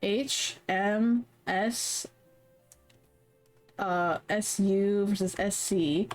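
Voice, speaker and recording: A woman's voice: medium pitch, fairly even intonation, very slow. A woman streaming casually, who swears a lot, sounds flustered and confused, and sings along with the music between her remarks. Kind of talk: casual livestream chat, singing along. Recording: music playing in background.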